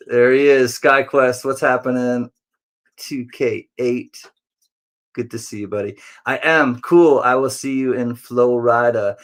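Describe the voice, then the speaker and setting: Chatty man hosting a livestream. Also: unhurried. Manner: friendly, rambling, jumps into silly high voices. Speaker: livestream host greeting viewers. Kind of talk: casual livestream chat.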